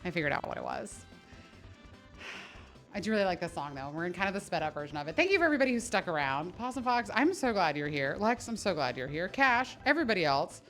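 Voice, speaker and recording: Faint music plays behind this woman's lowish voice as she talks fast with few pauses. She's a personal trainer exercising on a live stream, animated and swearing, poking fun at herself and laughing a lot.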